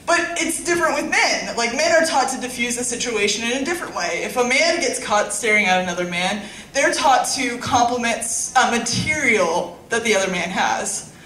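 A woman's voice: a little high, lively intonation, normal speed, sharp tone, recorded from a distance, slight background noise. A young woman performing a casual, profane stand-up set in a small club, with laughing asides. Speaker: stand-up comic. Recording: echoey club room, faint ambience.

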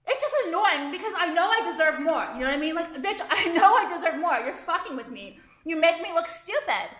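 A woman's voice: high voice, fairly bright tone. A woman designer vlogging an angry, profane rant full of filler words, in an echoey room. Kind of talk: ranting vlog monologue.

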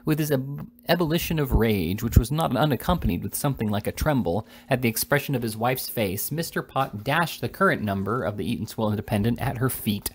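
A man with a husky voice reading a classic novel aloud, narrating and voicing the characters himself. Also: mid-range voice, expressive, fairly quick. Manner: reads all characters in slightly raised voices. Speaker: audiobook reader. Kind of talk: scripted narration.

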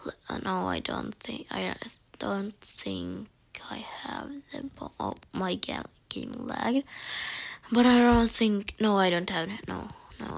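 A woman commenting on a mobile game as she plays, thinking aloud, often dropping to whispers and breaking into excited exclamations. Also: mid-range voice, gravelly, slightly rough, low-quality recording. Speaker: gamer. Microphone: phone mic.

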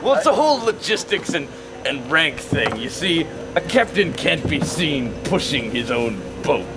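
A man playing a blustering, bossy one-eyed pirate captain with a gravelly pirate voice. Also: a little high, big pitch swings, unhurried, noisy background. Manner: pirate bluster, shouts orders.

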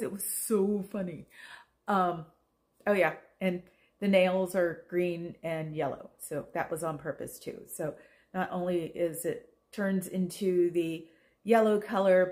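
A middle-aged woman from Oakland, California, worn out after a long day, rambles casually into her vlog. She drifts loosely from one thought to the next and pokes fun at herself along the way. Her voice sits at an ordinary middle pitch. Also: a little mellow. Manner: meandering, chatty, self-deprecating. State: tired. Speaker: vlogger.

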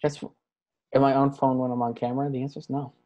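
A man's voice: mid-range voice, little pitch movement, fast talker, mellow, muffled recording. A young American man co-hosting a casual podcast, bantering in a dry, defensive way. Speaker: podcast co-host. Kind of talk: casual chat.

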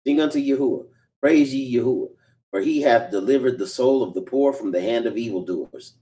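Guy reading bible verses, brisk and steady, kinda far off the mic, dark tone. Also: mid-range voice. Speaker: scripture reader. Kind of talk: reading scripture aloud. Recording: distant from the mic.

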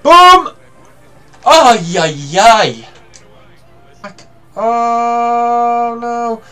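Excitable young man calling his game. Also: high-pitched, measured pace, faint music behind. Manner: excitable, shouting and swearing at the game. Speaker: gamer. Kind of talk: live football video game commentary.

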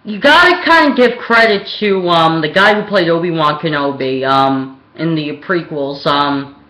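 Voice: medium pitch, a little slow, pushed and bright. A young adult vlogger from Pennsylvania delivering a rambling, hesitant film rant full of ums and restarts. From Pennsylvania, USA. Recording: echoey room.

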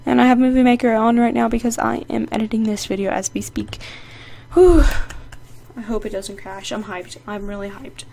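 Chatty, excitable young-sounding woman gamer. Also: a little high, normal speed, vocal fry. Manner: chatty, excitable, playfully sassy. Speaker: gaming channel host. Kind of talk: casual gameplay commentary. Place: indoor home setup. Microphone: desk microphone.

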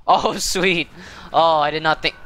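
A man's voice: a little high, steady tone, unhurried, a bit bright, smooth. A man hosting casual gameplay commentary, rambling and self-deprecating, with many fillers and restarts. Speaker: gaming channel host.

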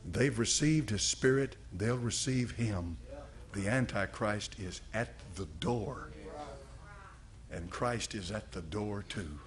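A man, a pastor preaching and praying aloud in a church service, earnest and dropping low and quiet in prayer. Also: a little slow. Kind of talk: sermon.

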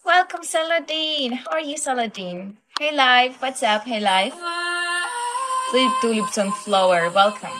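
A woman's voice: on the high side, lively intonation, a little slow, music in the background. A young woman from Belarus hosting a casual live stream, greeting viewers one by one in English, her voice a little sick. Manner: greets viewers one by one, giggly, non-native phrasing. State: slightly sick voice.

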